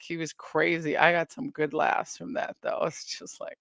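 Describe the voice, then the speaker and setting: A woman's voice: low-pitched, moderate pace, vocal fry, hardly any pauses, a bit bright, no room sound, studio quality. A woman hosting a casual live stream, chatting and reading viewer comments in a rambling, giggly way.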